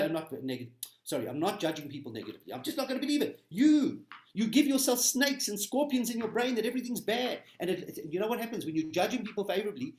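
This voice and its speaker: A man delivers a Torah talk in a lively, up-and-down voice that sits a bit high for a man. He leans on repetition for emphasis and slips into storytelling. The room gives his voice a noticeable echo. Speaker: rabbi.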